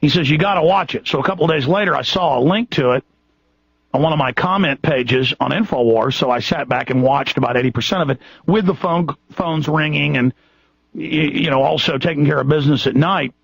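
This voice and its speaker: A man's voice: fairly high pitch, fairly quick, creaky, breathy edge, no room sound. A man hosting a radio show, ranting in an impassioned, indignant way with many restarts. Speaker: radio host. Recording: dull lo-fi radio broadcast, dry.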